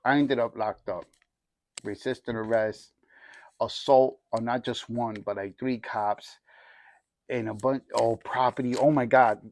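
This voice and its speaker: A young man, a church group member, shares his testimony, telling his life story in a casual, slangy way that rambles and restarts. His mid-range voice is steady and a little mellow, at a measured pace.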